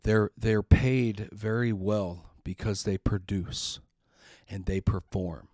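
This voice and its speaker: A man's voice: lowish voice, fairly even intonation, slow, a little mellow, no echo, clean studio sound. A middle-aged man hosting a podcast, telling a personal story in an earnest, emotional way and sometimes repeating words when upset. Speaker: podcast host.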